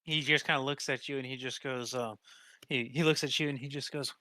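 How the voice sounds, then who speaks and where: A man's voice: mid-range voice, steady tone, brisk, bright, forceful tone, no room sound. A man running a tabletop game as game master, narrating in a rambling way with many restarts. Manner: rambling, restarts with 'he just goes'.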